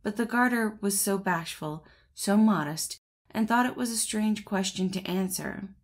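Speaking at a medium pitch and a slightly slow pace, a female host reads a classic fairy tale aloud as an audiobook. Before the steady narration begins, she chats warmly with her listeners.

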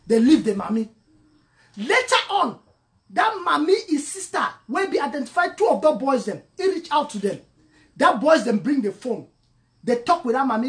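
Her voice sits high as this online commentator, a woman using Cameroonian English mixed with Pidgin, pours out an impassioned monologue. She's emphatic and repeats herself, shifting back and forth between loud and soft.

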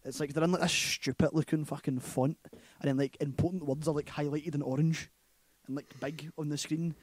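A man's voice: fairly high pitch, fairly even intonation, fairly quick, slightly rough, dry recording. A man with a Scottish accent, co-hosting a casual movie chat and retelling a film plot in a loose, rambling way, full of "like" and "right?". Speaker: podcast co-host.

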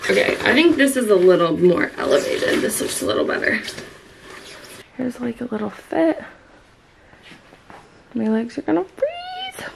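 A woman's voice: fairly high pitch, big pitch swings, unhurried, gravelly, pauses often. A young woman chatting casually in a vlog, gushing and bubbly, with plenty of "like" and "um". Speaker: lifestyle vlogger. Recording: noisy vlog recording.

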